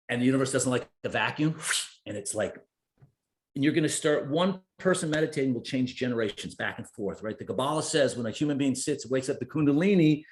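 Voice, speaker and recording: A man in his fifties from New Jersey talks as a podcast guest, middle-pitched and animated, swearing freely and acting out his own inner voice. The room sounds roomy and echoey. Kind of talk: conversational storytelling. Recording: roomy echo.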